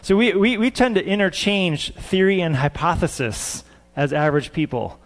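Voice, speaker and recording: A man's voice: high voice, normal speed. A man preaching a sermon as a scientist, earnest and repeating words for emphasis.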